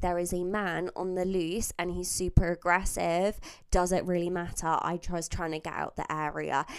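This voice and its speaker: A young woman hosting a podcast, telling stories in an animated, sweary way and laughing mid-sentence. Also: fairly low pitch, clear, resonant tone, no room sound. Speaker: podcast host. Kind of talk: casual storytelling monologue.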